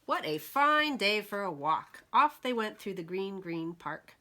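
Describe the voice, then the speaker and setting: A woman voicing a protective mother duck in a picture book read-aloud, calling out to her ducklings in a loud, high, urgent voice. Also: very animated, a little slow. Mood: cheerful.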